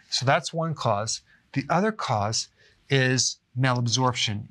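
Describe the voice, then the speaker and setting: Casting: middle-aged man, mid-pitched, chatty health explainer to camera, frequent "okay?" check-ins. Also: fairly bright tone. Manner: chatty, often adds "okay?". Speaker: health educator. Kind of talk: casual explainer talk to camera.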